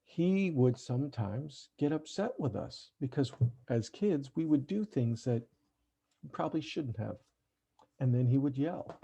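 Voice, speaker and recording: Gravelly-voiced man leading a parent workshop. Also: medium pitch, lively intonation, a little slow, mellow. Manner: conversational, checks in often with "right?". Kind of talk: online parent workshop talk. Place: video call. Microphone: computer mic on a video call.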